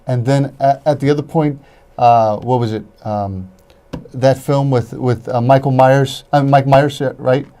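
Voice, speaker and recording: A man co-hosting a casual chat about movies and TV, halting and searching for words. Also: medium pitch, fairly even intonation, warm tone. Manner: halting, searches for words, chimes in with short replies.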